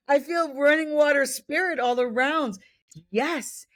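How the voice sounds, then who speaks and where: A woman's voice: high-pitched, slow, fairly bright tone, no echo. Enthusiastic woman co-hosting a podcast, dry sound. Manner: enthusiastic, emphatic, affirming. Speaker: podcast co-host. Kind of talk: casual chat.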